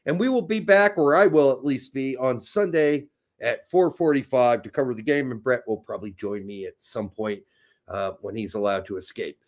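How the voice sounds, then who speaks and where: A man's voice: mid-range voice, normal speed. A man hosting a casual live stream, joking and teasing his co-host.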